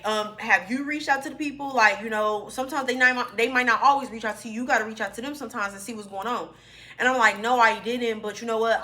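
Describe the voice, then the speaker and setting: A woman's voice: fairly high pitch, bright, forceful tone. A young woman, telling a personal story to her viewers in a chatty, informal way. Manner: chatty, addresses viewers as y'all. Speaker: vlogger. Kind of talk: storytime vlog.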